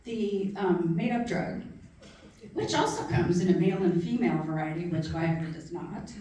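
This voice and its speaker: A woman's voice: lowish voice, expressive, normal speed, over a noisy crowd. A middle-aged woman author talking about her new book at a library event, chatty and earnest, at times emotional. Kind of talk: casual book talk. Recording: echoey room from far off.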